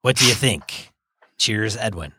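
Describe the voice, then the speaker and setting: A man's voice: fairly low pitch, animated, a little slow, sharp tone, slightly rough, dry recording, studio quality. A man co-hosting a podcast, chatting casually and joking. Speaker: podcast co-host. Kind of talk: casual chat.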